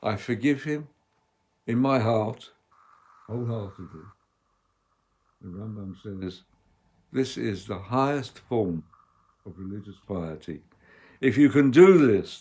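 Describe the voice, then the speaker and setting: Man giving a measured, emphatic sermon. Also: fairly low pitch, expressive, warm tone. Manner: measured, emphatic delivery with strong dynamic swings.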